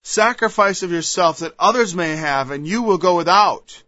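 Animated and high-voiced with a sharp tone, a man preaches at a normal speed, reading scripture and then explaining it. He's emphatic, digresses, and acts out quoted voices, heard through a dull, lo-fi dry recording.

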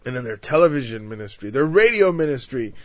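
A man's voice: medium pitch, sing-song, fast, no room sound. A man preaching a conversational sermon on a Bible passage, full of "you know" asides and rising into impassioned lists. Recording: dull, dry lo-fi recording.

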